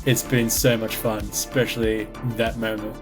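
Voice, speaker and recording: A man's voice: on the low side, level tone, normal speed. Australian man, teasing podcast host, playful, faint music underneath. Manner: playful, teasing, laughs often. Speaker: dungeon master and podcast host. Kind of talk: casual podcast outro chat.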